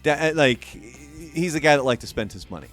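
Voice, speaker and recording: With faint music in the background, a man speaks at a moderate pace in a medium-pitched voice. Hosting a casual podcast, he tells an animated story, swearing a lot and acting out the quotes.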